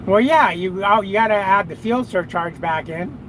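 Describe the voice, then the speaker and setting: Man, trucker, high-pitched voice, casual profane chatter, in his truck cab, faint road noise behind. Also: moderate pace, a bit bright, low-quality recording. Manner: profane, rambling, talks to viewers and his dog. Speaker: trucker streaming live. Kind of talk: casual live chat.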